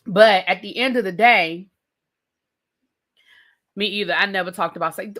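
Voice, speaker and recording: A woman's voice: medium pitch, lively intonation, unhurried, long pauses, bright, forceful tone. A woman, ranting bluntly and casually about a TV show she reviews, swearing freely.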